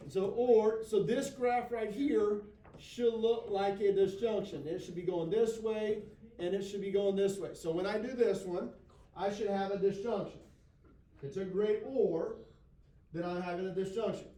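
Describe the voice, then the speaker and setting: A man's voice: high voice, steady tone, normal speed, mellow, echoey room. A man teaching a math class, lecturing in a folksy, self-deprecating way and often checking in with his students. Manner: frequent check-ins with the class.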